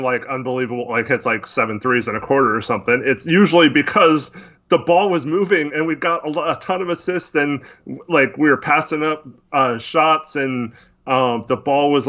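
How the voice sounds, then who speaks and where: A man's voice: on the high side, sharp tone, lo-fi sound. A man co-hosting a casual sports podcast, rambling and frustrated with lots of fillers. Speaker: podcast co-host.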